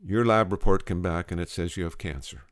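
A man voicing a gentle, heavy-hearted doctor giving bad news softly. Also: low-pitched, fairly quick, smooth, no echo, clean studio sound, lightly acted. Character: gentle sad middle-aged male doctor.

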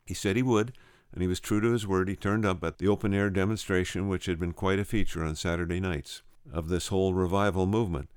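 Low, clear storyteller man, dry sound. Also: fairly even intonation, quick pace, no room sound. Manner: voices quoted speakers with raised pitch; occasional stumbles and repeats. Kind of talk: retelling a revival story.

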